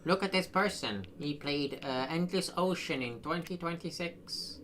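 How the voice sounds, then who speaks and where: A man voicing a curious future alien, pitching his voice up and speaking slowly with wonder. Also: fairly bright tone, slight background noise. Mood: gawking. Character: curious future alien of either sex, gawking.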